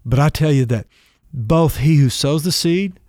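Jesus, a man retelling as calm teacher. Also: fairly high pitch, a little slow, no echo, studio quality, lightly acted. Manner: plain conversational retelling with everyday words. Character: Jesus, calm patient male teacher at a well.

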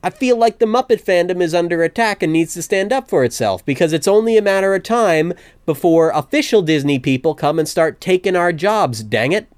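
Wry podcast host, man, animated and a bit high, dry mic. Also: brisk, few pauses, clean tone, no room sound. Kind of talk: comedic casual chat.

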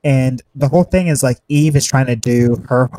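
A man's voice: medium pitch, moderate pace, mellow. A man co-hosting a casual discussion, talking in a chatty way with frequent "like" asides.

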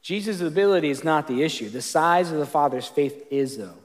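A man's voice: a little high, brisk, big-room sound. A man preaching a sermon as pastor, earnest and conversational, often restarting his sentences.

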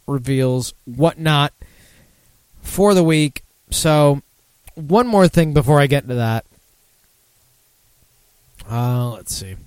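A man's voice: fairly high pitch, clear, resonant tone, no room sound. A drunk man hosting a casual beer talk show, rambling, swearing and losing his thread. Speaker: podcast host.

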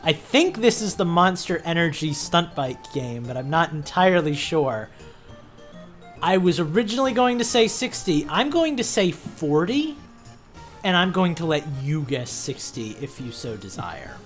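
A man's voice: a little high, sing-song, moderate pace, faint music behind. A man playing a price-guessing game, rambling and teasing in casual banter. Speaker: contestant.

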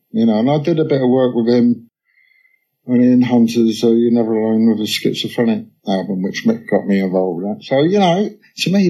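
A man's voice: mid-range voice, poor audio. A man, telling casual anecdotes as a guest in an on-stage conversation, peppered with "you know". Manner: chatty anecdotes, frequent "you know", quotes others in lively bursts. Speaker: interview guest, musician.

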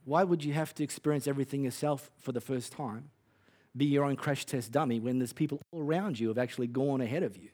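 A man's voice: medium pitch, fast, mellow, slightly rough. A man with an Australian accent preaching a sermon in a conversational, punchy way with wry humor. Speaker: pastor.

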